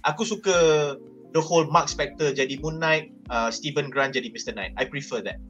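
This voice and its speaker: A man's voice: mid-range voice, brisk, soft background music. A man with a Malaysian accent, talking as a panelist in a casual discussion, switching languages and speaking with emphasis. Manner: code-switching, animated and emphatic.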